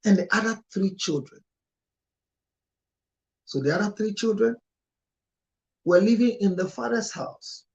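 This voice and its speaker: Male counselor, emotional monologue, sudden loud high outbursts, near tears. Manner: emotional, with sharp rises in pitch and loudness. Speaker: marriage counselor.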